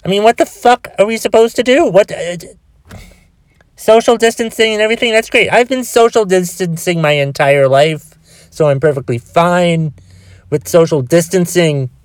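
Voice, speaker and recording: A man's voice: high-pitched, normal speed, no echo. A man with a cold hosting a solo podcast, frustrated and swearing heavily as he rambles with restarts. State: has a cold with a cough. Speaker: podcast host.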